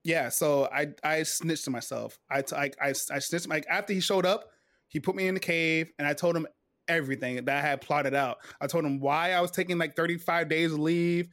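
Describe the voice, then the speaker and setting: A man in his forties, a retired Navy veteran, telling a personal story in a casual interview, animated and full of fillers and restarts. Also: a little high, a little fast, no room sound.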